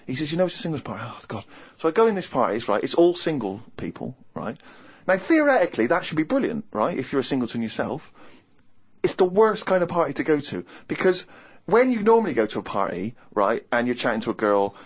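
A man, hosting a podcast, telling a comic anecdote in an animated, exasperated, self-mocking way. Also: a little high, a little fast, slightly rough, highs cut off.

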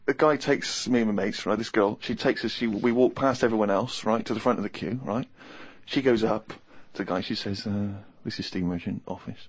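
A man, hosting a podcast, telling a comic anecdote in an animated, exasperated, self-mocking way. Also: fairly low pitch, a little fast, husky, lo-fi sound.

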